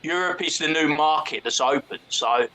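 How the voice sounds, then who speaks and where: Brash man, high voice. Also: moderate pace, bright, forceful tone, rough recording. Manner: brash, boastful, swearing. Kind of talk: casual banter.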